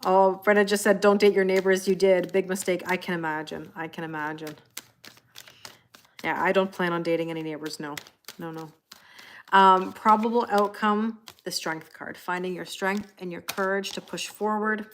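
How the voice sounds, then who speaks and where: A woman's voice: fairly low pitch, steady tone, moderate pace, a little hiss or hum. A woman in her forties, a tarot reader, chatting on a live stream, laughing often and answering viewer comments.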